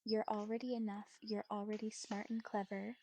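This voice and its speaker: A woman giving calm, polite, reassuring replies in an even chatbot voice. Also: mid-range voice, moderate pace, slight background noise.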